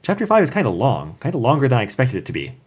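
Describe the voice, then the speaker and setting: A man's voice: medium pitch, wildly swooping pitch, racing, breathy edge. A man co-hosting a casual podcast, summarizing a story with hesitant restarts and fillers. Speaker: podcast co-host. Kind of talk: casual podcast chat about fanfiction.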